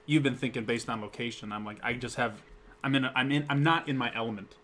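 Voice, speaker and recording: A young man rattles through a casual talk-show chat at a quick clip, rambling and dropping curse words along the way. His voice sits at a middle pitch, with faint room ambience in the background. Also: pushed and bright, a little hiss or hum. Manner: rambling, profane, quick-talking.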